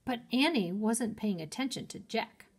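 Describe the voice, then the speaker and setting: A woman's voice: a little high, animated. A woman teacher reading a chapter book aloud to children and stopping to explain words. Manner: slow and clear, explaining words. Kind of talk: read-aloud storytime for children.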